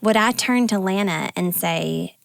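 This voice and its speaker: Woman, gravelly lowish voice, dry close sound, chatty storyteller, podcast co-host. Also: a little slow, no room sound. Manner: storytelling, many fillers. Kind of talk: casual conversation.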